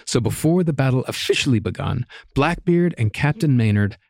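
A man hosting a podcast, telling a history story in steady narration with casual asides. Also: medium pitch, moderate pace, no echo, studio quality. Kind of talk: storytelling from notes.

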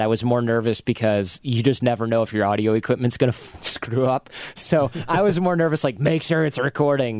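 A man's voice: mid-range voice, darkish tone, no room sound, clean studio sound. A man talking as a guest on a podcast, telling candid stories in a chatty, open way. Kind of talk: casual interview chat.

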